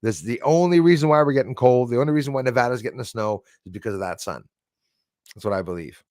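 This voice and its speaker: A man hosts a casual live stream from his old house, talking straight into a desk microphone. He rambles, greets viewers by name and drops the odd swear word. His voice sits at an ordinary middle pitch with a dry, close sound. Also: fast, a little mellow, no echo.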